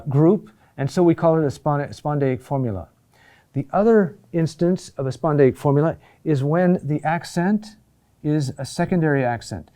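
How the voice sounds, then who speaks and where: A man teaching a recorded lesson on Latin chant, explaining patiently and often checking in with a quick "huh?". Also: a little high, warm tone.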